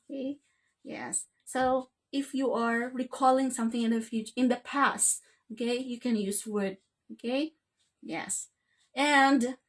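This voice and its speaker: Woman, English grammar teacher, fairly high voice, keeps saying okay. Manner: says "okay?" after nearly every phrase. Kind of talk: grammar lesson.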